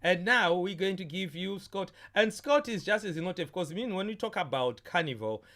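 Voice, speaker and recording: High-voiced jovial stream host man. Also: lively intonation, fairly quick, fairly bright tone. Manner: jovial, repeats his words, chats to viewers. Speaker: host of an online carnival stream. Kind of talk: casual live-stream hosting.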